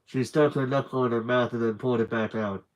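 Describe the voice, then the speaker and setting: Male reader, steady plain narration for a children's book, mid-range voice. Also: medium pitch, fast talker. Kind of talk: live read-aloud of a children's book.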